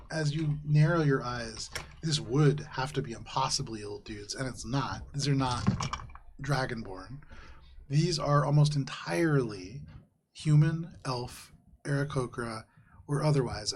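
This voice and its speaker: A man running a tabletop game as game master, describing scenes in a measured, descriptive way with small hesitations. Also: mid-range voice, slight background noise. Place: live tabletop session with players around.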